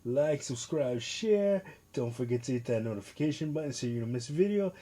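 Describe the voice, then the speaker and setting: A man's voice: mid-range voice, lively intonation, brisk, dark tone. A man hosting a casual retro video game review, talking in a loose, rambling way with lots of fillers and restarts.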